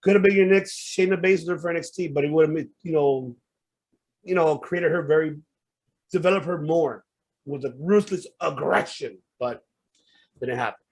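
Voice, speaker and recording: A man's voice: on the high side, moderate pace. A man hosting a podcast, ranting with heated, profane outbursts. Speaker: podcast host. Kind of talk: casual podcast rant.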